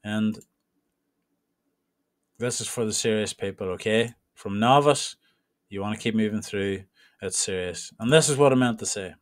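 A man's voice: fairly low pitch, normal speed, pauses often, no echo, clean studio sound. A man with an Irish accent, a trading mentor who walks new members through his group in a rambling, informal way. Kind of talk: casual screen-share walkthrough.

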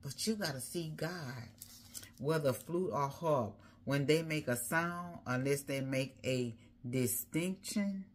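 A woman with a low, husky voice preaches a rhythmic sermon. She piles up repeated phrases and rhetorical questions as she drives her points home. Her tone is deep and slightly breathy throughout. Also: slow. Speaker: prophetess preaching.

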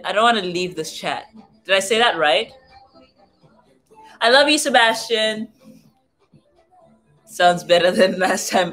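A woman's voice: fairly low pitch, fairly bright tone. Chatty young woman on a livestream. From Southern Africa. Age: young adult. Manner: chatty, reads viewer comments aloud, tries out foreign phrases. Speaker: livestream host. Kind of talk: casual livestream chat with viewers.

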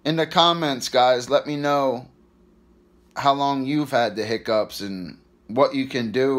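A man's voice: medium pitch, a little slow. Weary hiccuping man in his thirties. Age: 30s. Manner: weary, rambling, stressed. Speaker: vlogger. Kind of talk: casual to-camera vlog.

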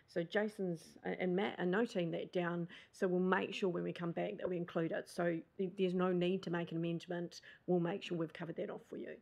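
A New Zealand woman, a council staff member, giving a measured, explanatory reply in a formal meeting, with many fillers. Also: on the low side, steady tone, creaky, a little mellow.

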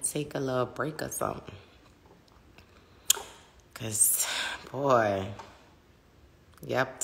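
Brief: woman, 30s, New Orleans accent, very low gravelly voice, bright edge, chatty phone livestream host. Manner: chatty, swears freely, reads out viewer comments. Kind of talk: casual livestream chat.

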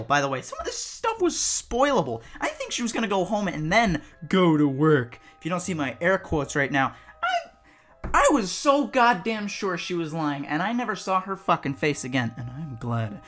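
Bright, swearing storyteller ranting. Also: mid-range voice, huge pitch swings, normal speed, faint music behind. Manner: profane, exasperated, ranting. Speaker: retail cashier telling a work story. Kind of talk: animated storytime vlog.

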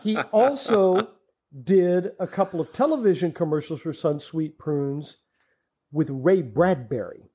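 A man with a high, mellow voice chats on a podcast mic, spinning anecdotes with real enthusiasm. He laughs easily as he goes, and his tone stays soft rather than bright. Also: animated, unhurried, husky. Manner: chatty, enthusiastic storytelling, laughs often. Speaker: podcast guest. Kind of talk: casual podcast chat. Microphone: studio podcast mic.

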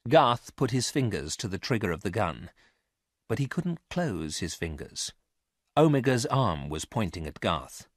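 Guy reading a story for english learners, lively ups and downs, dry close mic. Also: lowish voice, measured pace, no echo. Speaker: narrator.

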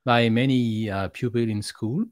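A man's voice: mid-range voice, a little slow, dry recording. A man from France with a French accent, a guest explaining his work over a video call, careful and hesitant with frequent fillers. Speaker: guest, API expert. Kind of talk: casual interview.

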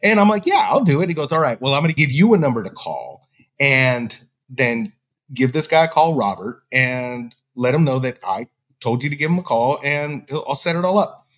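Man, casual storyteller, lively swinging pitch, acts out quoted dialogue. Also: normal speed. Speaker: podcast guest.

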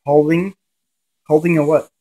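A paranormal investigator, a man, asks short questions on camera during a spirit box session and repeats back the answers he thinks he hears, often speaking low. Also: little pitch movement, a little slow, mellow.

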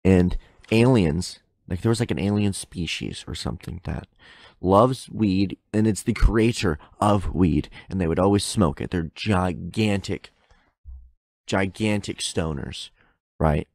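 A man's voice: low-pitched, a little slow, vocal fry, a little mellow, no room sound. A young man rambling through a solo podcast at home on a close mic, interrupting himself and swearing casually. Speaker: podcast host. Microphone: close microphone in front of face.

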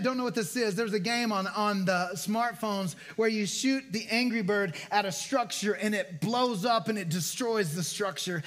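Male pastor, high-pitched, conversational sermon delivery, asks the room questions. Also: fairly bright tone. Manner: conversational preaching with repeated phrases and rhetorical questions.

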